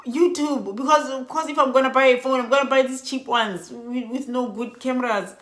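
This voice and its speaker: A woman telling an emotional storytime vlog, sounding worn out and animated by turns. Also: high voice, brisk. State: exhausted. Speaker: vlogger. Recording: echoey room.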